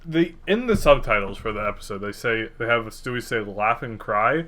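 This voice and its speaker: A man's voice: mid-range voice, big pitch swings, brisk, pushed and bright. A young man co-hosting a podcast in a casual, rambling chat, cursing freely. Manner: rambling, laid-back, swears freely. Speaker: podcast co-host.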